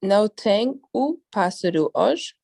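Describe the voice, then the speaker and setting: A woman's voice: mid-range voice, expressive, measured pace, gravelly, darkish tone. A woman learning a language in class, tentatively trying answers and repeating corrections. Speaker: language student.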